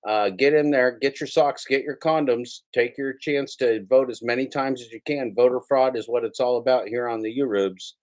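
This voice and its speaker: A man hosting a livestream, talking in a drawling, sarcastic way with lots of pauses and fillers. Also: mid-range voice, a little mellow. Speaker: livestream host. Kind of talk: casual livestream chat.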